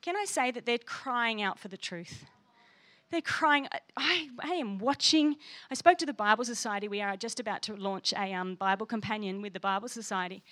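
Bright, passionate woman preacher. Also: mid-range voice, normal speed. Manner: passionate, emphatic preaching with laughs. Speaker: pastor. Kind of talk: sermon.

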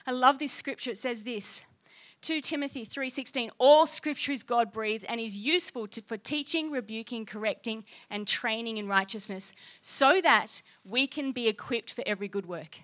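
A woman's voice: on the high side, moderate pace, few pauses, a bit bright. A woman pastor preaching a sermon with passion and emphasis, reading scripture aloud.

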